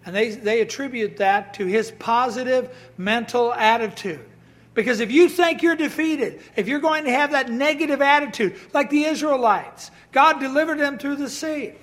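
High-voiced man preaching a sermon. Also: a bit bright. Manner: storytelling with quoted voices and scripture readings; high voice that rises to emphatic bursts.

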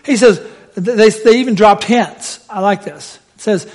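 A man preaching a sermon, telling the story with lively, acted-out voices. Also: high-pitched, normal speed.

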